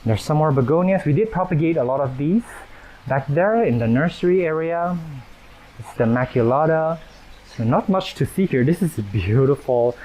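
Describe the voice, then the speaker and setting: A man's voice: medium pitch, warm tone, rough recording. A man hosting a casual walkthrough of his plant collection, chatty and self-deprecating, laughing often as he moves among the plants. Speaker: plant channel host. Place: indoor plant collection and nursery.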